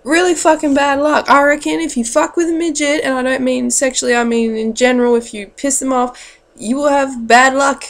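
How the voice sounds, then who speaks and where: Woman, casual storytelling, profane and blunt, somewhat high voice. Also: steady tone, normal speed. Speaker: parent.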